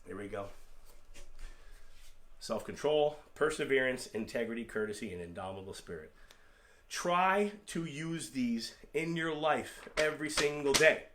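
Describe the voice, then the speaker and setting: A middle-aged taekwondo instructor teaches an online class, patiently encouraging and coaching his students and repeating terms for them to echo back. His mid-range voice is expressive, a little slow and fairly bright.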